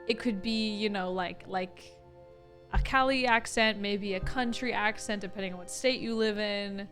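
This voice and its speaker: A woman's voice: medium pitch, moderate pace, fairly bright tone, soft background music. Chatty Californian Valley Girl streamer woman. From California, USA. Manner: chatty, uses "like" a lot with upward inflection and some vocal fry. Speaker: gaming streamer. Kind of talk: casual let's-play chat with viewers.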